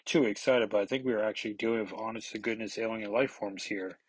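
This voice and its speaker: A man voicing an erudite, excitable male mutant scientist from a comic who uses florid, old-fashioned exclamations. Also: lowish voice, quick pace, breathy edge, no room sound. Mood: giddy.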